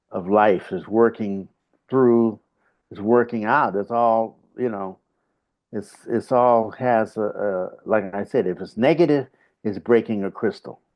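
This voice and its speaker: A fairly low-pitched man talks over a muffled, lo-fi video call connection. He reflects in a loose, halting way, full of fillers, and sometimes hums short grunts to show what he means. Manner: rambling, halting, many fillers and "you know"; hums little grunts to illustrate. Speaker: saxophonist and bandleader, interview guest. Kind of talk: casual reflective storytelling. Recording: dull lo-fi video call audio.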